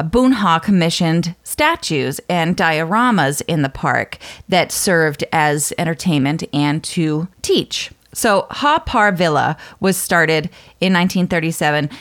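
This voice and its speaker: A woman with a lowish voice talks through her research notes on a casual podcast. She stops often with ums and restarts as she walks her co-host through it. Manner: explains from notes with frequent fillers. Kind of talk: casual chat, reading notes.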